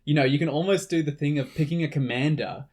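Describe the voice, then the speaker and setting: A man's voice: a little high, fast talker, a little mellow. A man co-hosting a podcast in an easygoing way, laughing often and steering the talk. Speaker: podcast co-host. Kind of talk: casual chat.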